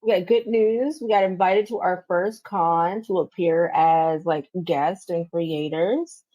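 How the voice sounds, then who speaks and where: Easygoing woman, low-pitched, chatty. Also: slow pace, mellow, no echo. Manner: easygoing, chatty, lots of fillers. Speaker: podcast co-host. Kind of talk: casual chat.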